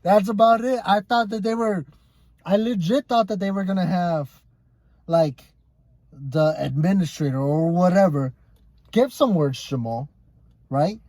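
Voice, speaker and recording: A young man chatting as a podcast host, cursing freely and circling back over his own words. His voice sits a bit high and sounds close and dry, with no room around it. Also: unhurried, pauses often, a little mellow, no echo. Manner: loose, profane, repeats himself. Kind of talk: casual podcast chat.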